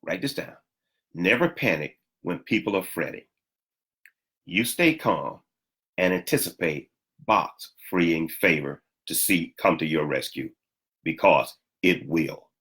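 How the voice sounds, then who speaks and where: A man preaching from the pulpit with a bright, forceful tone set on a fairly low voice. He drives his points hard, leaps up in pitch on key phrases and repeats lines to his congregation. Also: expressive, slow pace. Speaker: pastor. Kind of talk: sermon.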